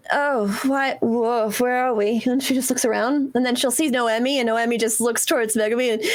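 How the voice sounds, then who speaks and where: A woman narrating as game master of a tabletop game, laughing often and swearing casually. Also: fairly high pitch.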